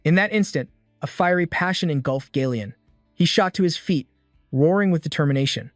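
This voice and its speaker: Male recap narrator, higher voice, dry close sound, even steady delivery. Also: fairly quick, no echo, soft background music. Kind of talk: scripted story narration.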